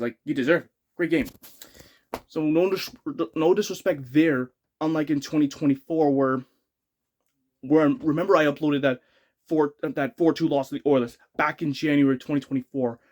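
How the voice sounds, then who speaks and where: A man's voice: fairly high pitch, steady tone, normal speed. A man ranting as a hockey fan vlogger, rambling and frustrated, with many restarts and self-corrections. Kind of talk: sports fan rant.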